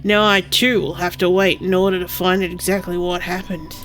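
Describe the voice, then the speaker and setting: A woman reading a game's detective heroine aloud in a brisk, earnest voice. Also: lowish voice, flat delivery, a bit bright, soft background music, lightly acted.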